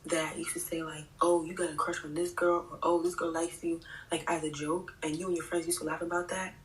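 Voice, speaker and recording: A woman's voice: lowish voice, flat delivery, fairly quick, hardly any pauses, far from the mic, poor audio. A woman speaking in a mock-solemn, preachy way.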